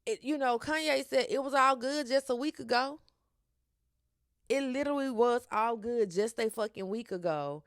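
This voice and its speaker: A woman hosting her own podcast, talking in a sassy, animated way with slang and cursing. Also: a little high, moderate pace, no room sound, clean studio sound. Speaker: podcast host. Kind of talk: casual solo podcast talk.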